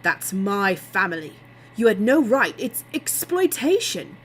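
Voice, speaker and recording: A woman's voice: mid-range voice, sing-song, unhurried, slight background noise, low-quality recording. A woman voicing an outraged, betrayed young man.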